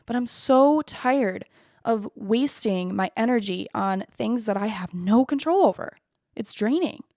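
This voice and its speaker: A woman's voice: a little high, a little mellow, dry recording, studio quality. A woman in her twenties talking candidly to camera in a personal vlog, frank and self-deprecating, swearing freely. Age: 20s. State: choked up at times. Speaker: vlogger.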